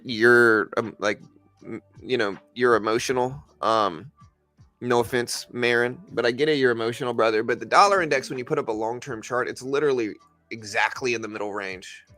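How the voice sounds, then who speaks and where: On a casual livestream of market commentary, a man with a pushed, bright mid-range voice answers his chat directly. Arguing his point, he repeats himself and keeps stumbling and restarting.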